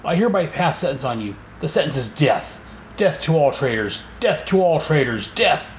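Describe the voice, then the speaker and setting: A man reading out the lines of a deranged male tyrant in a higher, frantic ranting voice, in an echoey room. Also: big pitch swings, normal speed, a little hiss or hum. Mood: raving. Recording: echoey room, faint ambience.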